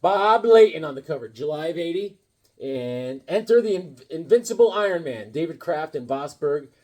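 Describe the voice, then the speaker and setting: Husky-voiced joking man with lively pitch. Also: moderate pace. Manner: joking, rambling, corny one-liners. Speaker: comic book vlogger. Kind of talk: casual comedic chat.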